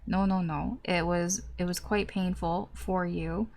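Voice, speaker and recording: A woman's voice: on the low side, fairly even intonation, a little slow, vocal fry, darkish tone. A young woman giving a casual tarot reading, chatty and full of fillers, acting out little reactions as she goes. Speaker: tarot reader.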